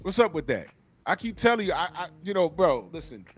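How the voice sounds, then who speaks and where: Podcast co-host, a man with a high voice, mocking and profane, faint music under him. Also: sing-song, fairly quick, slightly rough. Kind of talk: casual podcast banter.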